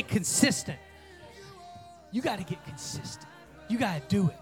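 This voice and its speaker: A young man preaching to a youth group, playful and joking with the crowd, then rising to energetic calls for response. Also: high-pitched, fairly quick, long pauses, soft background music. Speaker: youth pastor. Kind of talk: sermon.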